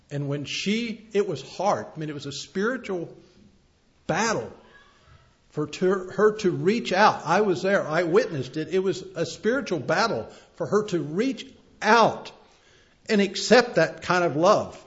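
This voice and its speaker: A middle-aged male preacher giving a sermon, swinging from loud emphatic cries to soft, quiet words. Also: fairly high pitch, big pitch swings, a little slow, pauses often. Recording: dull lo-fi sermon recording.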